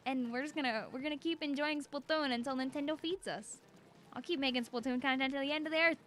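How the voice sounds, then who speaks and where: Bright, bubbly young woman streamer. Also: sits high, fast. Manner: bubbly, chatty, laughs often. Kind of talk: casual gameplay chat.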